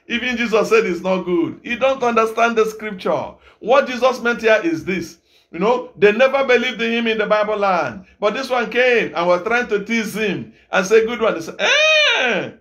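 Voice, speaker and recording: Man from nigeria preaching hard, high voice, scolds the crowd with questions, shouts now and then. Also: muffled recording. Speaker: evangelist preacher. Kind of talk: sermon.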